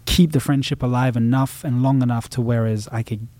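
Male musician guest, reflective and rambling, warm low-toned delivery, dry close sound. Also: steady tone, a little fast, dry recording. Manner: reflective, rambling with many restarts. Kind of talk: casual interview talk.

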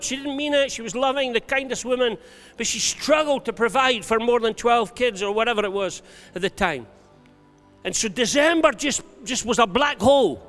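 A male preacher telling stories to a congregation, building to shouted calls to praise. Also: very high-pitched. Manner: storytelling, rising to shouted exhortation. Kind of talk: sermon. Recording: long hall reverb with faint music.

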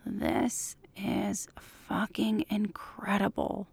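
A woman reading the part of an eager middle-aged man, speaking in a soft, breathy half-whisper in a fan fiction audiobook. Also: medium pitch, measured pace. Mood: hushed, eager.

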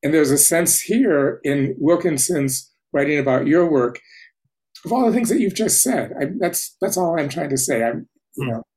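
A man's voice: a little high, expressive, moderate pace, darkish tone, rough recording. An interviewer speaking earnestly, stumbling a little as he searches for words while he questions a poet. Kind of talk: literary interview.

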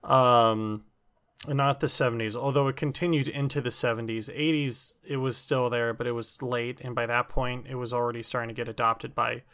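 During a casual comic chat, a man rambles through a long explanation packed with ums and restarts. His voice is mid-range, steady and a bit bright, at a normal speed.

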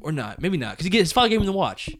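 A man's voice: high voice, big pitch swings, racing, a bit bright, a little hiss or hum. A young man co-hosting a podcast, joking and laughing in a casual chat. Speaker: podcast co-host.

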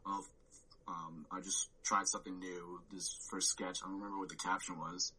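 A man's voice: low-pitched, flat delivery, normal speed, bright, forceful tone, breathy edge, rough recording. A man telling a story on a podcast, rambling with lots of "like" and swearing and acting out his own reactions. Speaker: podcast guest. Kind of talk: casual storytelling chat.

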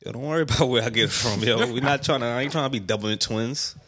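A man's voice: mid-range voice, quick pace, a bit bright, slight background noise. A young man co-hosting a podcast in casual chat, laid-back and teasing as he tells a story. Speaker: podcast co-host.

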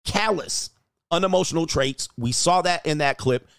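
A man's voice: on the high side, normal speed, vocal fry, fairly bright tone, clean tone, no room sound, studio quality. A dating coach giving blunt, profane reaction commentary, laughing at his own points and firing off mocking rhetorical questions.

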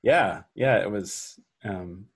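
A low-voiced man speaks as a songwriter guest, soft and halting, with many pauses. He talks thoughtfully from his home garage. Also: slightly rough. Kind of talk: reflective interview talk.

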